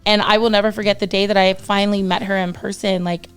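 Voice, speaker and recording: A woman in her thirties with a Texan accent, a singer guest on a podcast, telling stories in a lively way and acting out the voices of the people she quotes. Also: mid-range voice, fast talker, clear, resonant tone. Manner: animated storyteller, acts out quoted voices. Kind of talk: casual storytelling interview.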